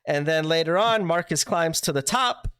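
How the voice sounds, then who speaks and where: A man co-hosting a podcast, recapping events in a lively way and acting out what people said. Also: fairly high pitch, moderate pace, smooth, dry recording. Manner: animated storytelling, acts out quotes. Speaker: podcast co-host.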